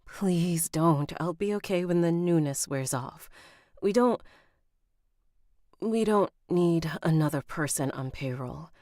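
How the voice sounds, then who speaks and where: A woman voicing an anxious young woman who speaks higher and pleads. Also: animated, slow pace, warm tone, dry recording, studio quality. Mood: pleading.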